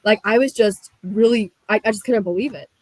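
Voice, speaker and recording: A young woman from the US Midwest telling her story as a guest, animated and full of "like" fillers. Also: mid-range voice, fairly quick, dry recording, poor audio. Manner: animated, frequent "like" fillers, laughs while telling. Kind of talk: casual storytelling.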